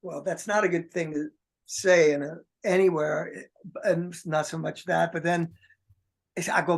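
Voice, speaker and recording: A guest musician being interviewed tells a long anecdote in a somewhat high, steady, creaky voice at a moderate pace. It's casual storytelling, rambling with many restarts, and he acts out the voices of people he quotes.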